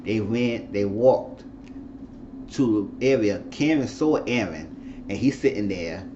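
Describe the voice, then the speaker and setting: A man giving a casual recap of a TV episode, chatting and reacting loudly to what the characters do. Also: lowish voice, slow, highs cut off, a little hiss or hum. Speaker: TV show reviewer.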